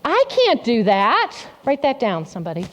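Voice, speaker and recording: A woman's voice: a little high, huge pitch swings, normal speed, a bit bright. A woman pastor giving an interactive sermon in a church, asking the congregation questions and repeating their answers back. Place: church sanctuary.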